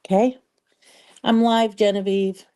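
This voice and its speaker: A woman's voice: mid-range voice, flat delivery, measured pace, dark tone. A woman chatting casually on a live stream while doing her makeup, telling a story in a chatty, exasperated way with lots of emphatic repetition. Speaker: social media strategist and vlogger.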